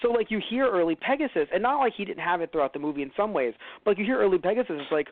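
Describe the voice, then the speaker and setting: A fairly high-voiced man from the United States chats loosely on a podcast, rambling through fillers and restarts. The sound is dry and narrow, like a phone line. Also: lively intonation, racing, few pauses, no room sound. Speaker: podcast co-host. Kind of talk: casual chat.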